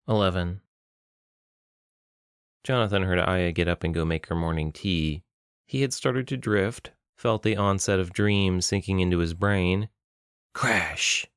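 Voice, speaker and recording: Deep-voiced male audiobook narrator. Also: no echo, clean studio sound. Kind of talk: scripted narration.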